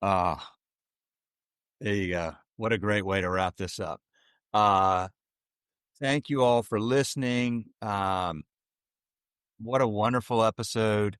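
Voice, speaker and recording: A man's voice: fairly low pitch, slow pace, pauses often, clean tone, dry recording, studio quality. A man hosting a podcast, talking in a folksy way with plenty of ums. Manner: warm, folksy, lots of filler ums. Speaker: podcast host. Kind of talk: casual podcast interview.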